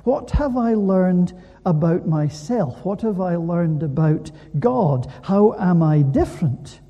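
Animated preacher in a reverberant hall. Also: male voice, sits high, takes it slowly, highs cut off. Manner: animated preaching with rhetorical questions. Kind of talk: sermon.

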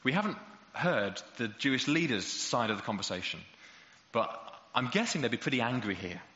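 A man's voice: medium pitch, animated, normal speed, bright, forceful tone. Guy preaching, punchy rhetorical delivery, big reverby hall sound. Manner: emphatic, rhetorical, builds to passionate peaks. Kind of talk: sermon. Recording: dull echoey hall recording.

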